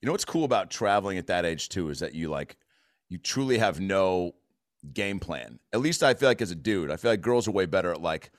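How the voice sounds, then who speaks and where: An American man in his thirties, rambling in a profane, animated way through a casual podcast chat. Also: low voice, a little fast, dry recording, clean studio sound. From United States.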